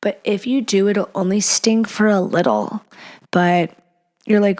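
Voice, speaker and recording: Unhurried and darkish in tone, a woman with a medium-pitched voice hosts a podcast. She offers blunt, playful advice in easygoing conversation, now and then slipping into a whisper or performing a quote.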